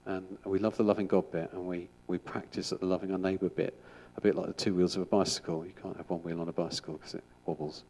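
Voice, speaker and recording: A man's voice: sits low, little pitch movement, fast, few pauses, warm tone. Rambling man giving a sermon. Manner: chatty and rambling, with frequent restarts. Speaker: school chaplain. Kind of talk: informal sermon.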